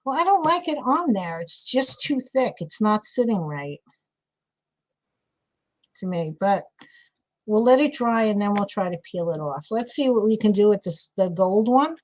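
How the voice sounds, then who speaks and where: A woman's voice: mid-range voice, lively intonation, measured pace, a little mellow, poor audio. A woman with a New York City accent hosting a live craft stream, chatting and thinking aloud as she works. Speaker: craft livestream host. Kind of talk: casual live crafting chat.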